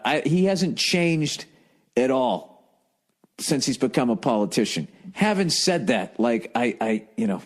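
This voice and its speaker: An American man talks alone into a podcast mic, swearing constantly and ranting with a sarcastic edge. His pitch jumps around a lot as he riffs, and the pacing of his talk stays conversational. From United States. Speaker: podcast host. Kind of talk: solo comedy podcast monologue.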